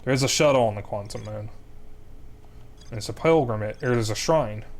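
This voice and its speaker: A man's voice: lowish voice, normal speed. A young adult man streaming a game, recapping the story and planning his next moves aloud as he plays. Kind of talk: gameplay commentary.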